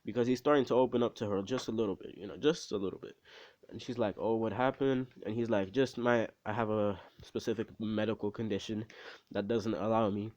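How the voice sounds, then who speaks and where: A man with a slightly low voice spins a casual anime fan story, rambling along with plenty of fillers. He keeps tossing quick asides to his listener as he goes. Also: steady tone, a little mellow, lo-fi sound.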